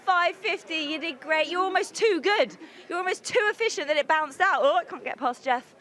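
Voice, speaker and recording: A woman's voice: very high voice, a little fast, fairly bright tone. A woman presenter interviewing people outdoors at a tennis venue and hosting a game, bubbly, cheering and encouraging.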